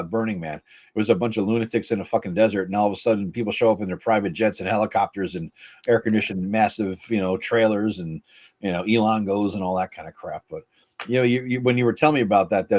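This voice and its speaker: A man's voice: fairly low pitch, a little mellow. A man hosting a casual podcast chat, blunt and enthusiastic, swearing offhandedly. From United States. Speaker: podcast host.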